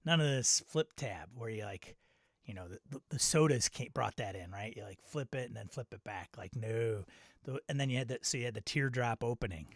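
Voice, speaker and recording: A middle-aged male host chatting casually on a live stream, drifting between memories and laughing at his own tangents. His voice sits at an ordinary middle pitch. The sound is dry and close, with no room echo. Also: brisk, gravelly. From Wisconsin. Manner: rambling and nostalgic, laughing at himself. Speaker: channel host.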